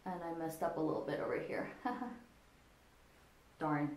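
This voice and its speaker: A woman's voice: deep voice, steady tone, normal speed, darkish tone, a little hiss or hum. A woman talking through a casual makeup tutorial, explaining each step as she demonstrates it on herself at her desk. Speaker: makeup vlogger. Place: indoors at a desk with a monitor. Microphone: computer camera in front of her. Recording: echoey room.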